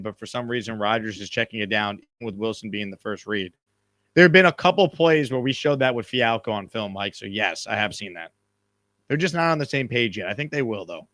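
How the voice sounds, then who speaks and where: Guy hosting a live sports stream, bright crisp voice, dry close mic, rambly and jokey. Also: mid-range voice, no echo. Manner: rambling, joking, repeats words. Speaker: host.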